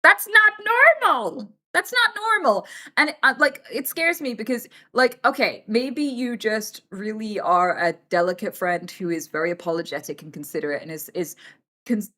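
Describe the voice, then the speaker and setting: A woman's voice: medium pitch, normal speed, a bit bright. A young woman streaming live and giving blunt, sweary advice to her chat, often acting out the people she quotes.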